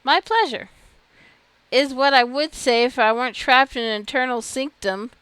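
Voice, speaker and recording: Girl putting on a high frantic sink guy, all flustered and dramatic, dry sound. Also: moderate pace, a bit bright, clear, resonant tone, no echo. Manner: dramatic, theatrical, exclaiming. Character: frantic sink-headed man, flustered comic.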